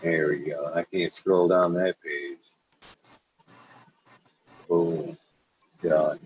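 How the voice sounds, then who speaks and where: A man's voice: very deep voice, fairly even intonation, extremely slow, breathy edge, muffled recording. A young man hosting a casual late-night podcast chat, laid-back and swearing freely, who slips into mocking voices as he laughs. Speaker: podcast host.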